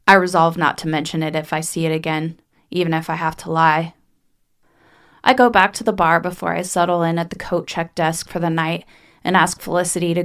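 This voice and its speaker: A woman narrating a first-person horror story with a measured, even delivery. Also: deep voice, clean tone. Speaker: audiobook narrator.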